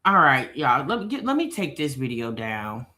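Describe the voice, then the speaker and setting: Low-voiced, animated woman commentary host. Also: moderate pace. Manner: chatty, incredulous, addresses viewers. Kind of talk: reaction commentary.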